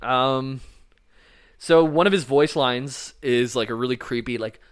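A man talking loosely and at length, full of "like" and "um", tossing in a curse now and then. His voice is smooth and clean. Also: mid-range voice, a little slow. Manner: rambling, casual, swears, frequent fillers. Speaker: podcast co-host explaining game lore. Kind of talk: casual chat.

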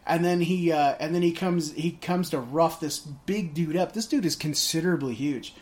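A man's voice: a little high, normal speed, a little mellow. Man, podcast co-host, casual movie chat, rambling, lots of restarts.

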